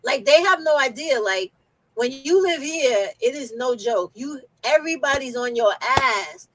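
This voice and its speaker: A woman's voice: high voice, expressive, measured pace, background noise. A woman with a New York accent hosting a casual chat, blunt and outspoken, swearing freely. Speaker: host.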